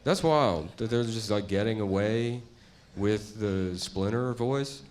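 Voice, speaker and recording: A middle-aged man doing stand-up, rambling in a deadpan way and trailing off into mumbles. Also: fairly low pitch, slow pace, a crowd in the background. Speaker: comedian. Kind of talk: stand-up comedy bit.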